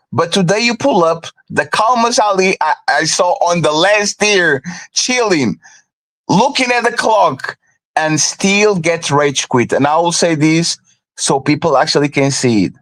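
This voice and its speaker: A man's voice: high voice, fairly bright tone. A man co-hosting a live stream, arguing emphatically and checking in with "right?" as he goes. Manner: emphatic, keeps asking "right?". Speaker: stream co-host. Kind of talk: heated live-stream talk.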